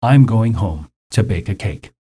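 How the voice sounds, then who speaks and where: A greedy, gloomy storybook toad, read aloud by a man. He coaxes and wheedles in a low, mellow voice. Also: animated, a little slow, breathy edge, full character voice. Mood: sad. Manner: wheedling, then sad.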